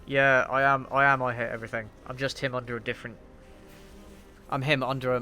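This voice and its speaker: A YouTube host plays a game on a casual livestream Q&A, answering chat in an offhand, sweary way and muttering to himself mid-game. His mid-range voice is sharp and fairly quick, with little pitch movement. Soft music plays in the background.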